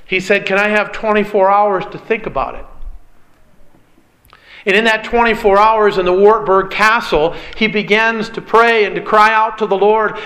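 A man preaching a sermon in an earnest way, dropping low and slow to stress key lines. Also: pushed and bright, poor audio.

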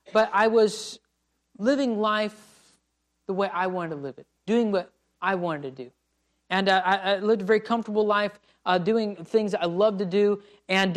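A man preaching a sermon as a missionary, swinging between loud pleading cries and quiet, low passages. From United States. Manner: impassioned, rising to pleading cries and dropping to quiet.

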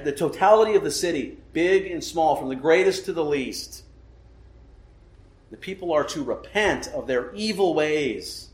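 A man preaching a sermon, emphatic, often asking rhetorical questions and checking in with "right?". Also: fairly high pitch. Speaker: pastor. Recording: echoey room.

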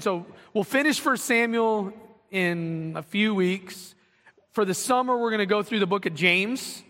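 A man preaching a sermon as pastor, reading scripture aloud and acting out quotes with animated emphasis. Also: high voice, in a large hall.

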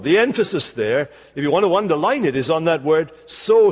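An older man with a Scottish accent preaches a sermon. His voice rides up and down with lively swings, and he slows right down to stress his point. A long reverb from the church sanctuary trails each phrase. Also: a little high, breathy edge. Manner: expressive preaching, slowing for emphasis. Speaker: pastor.

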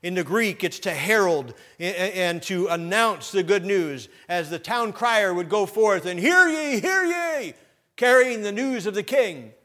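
A man's voice: high voice, moderate pace, hardly any pauses, fairly bright tone. A man, a pastor, preaching a sermon with emphatic rising bursts and light jokes to the congregation.

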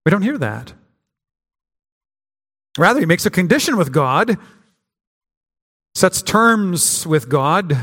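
Pastor preaching in a reverberant hall. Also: male voice, sits high, big pitch swings, unhurried, long pauses, fairly bright tone. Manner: conversational preaching with frequent restarts and acted-out quotes. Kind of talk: sermon.

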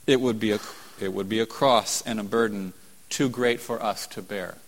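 A man's voice: lowish voice, steady tone, moderate pace, long reverb tail. A man preaching a sermon, explaining a text point by point and repeating words for emphasis.

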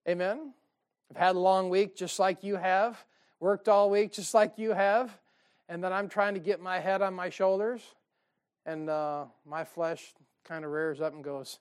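A male pastor preaching a sermon to a church congregation, joking and calling out "Amen?", swinging between loud and quiet. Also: sits high, fairly even intonation, measured pace, long pauses, clear, resonant tone. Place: church service.

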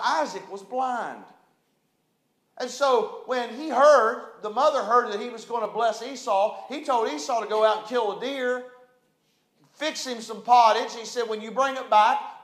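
A man, a pastor preaching a sermon to a responding congregation, swelling from quiet talk into loud bursts. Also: sits high. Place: church sanctuary. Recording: echoey church room.

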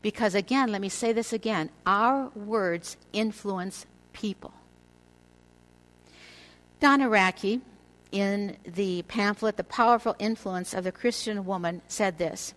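An older woman giving a devotional teaching to women, speaking in a measured, earnest way and slowing down for emphasis. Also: medium pitch, low-quality recording.

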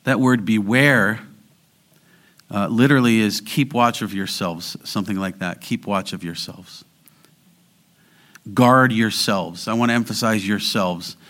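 A man preaching a sermon as pastor, moving between quiet explanation and loud, emphatic exhortation. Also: on the low side, a little slow, pauses often.

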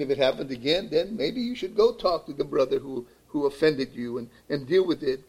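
Male pastor, slightly high voice, preaching a sermon, repeats himself for emphasis. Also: low-quality recording. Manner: repeats "okay?" to check in with listeners; repeats words while building a point.

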